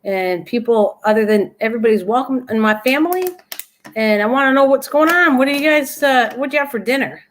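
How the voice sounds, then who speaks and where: A woman's voice: on the high side, brisk, slight background noise. An older woman hosting a casual live stream from home, chatting in a rambling way and greeting viewers by name.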